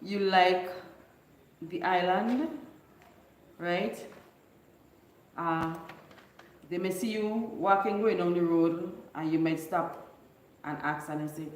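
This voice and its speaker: A woman's voice: on the low side, slow pace, pauses often, echoey room, a little hiss or hum, low-quality recording. A woman from Bequia with a mixed Vincentian, Trinidadian and Grenadian accent, hosting a casual live chat and teaching local dialect phrases to her viewers. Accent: Vincentian with Trinidadian and Grenadian traces. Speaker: livestream host.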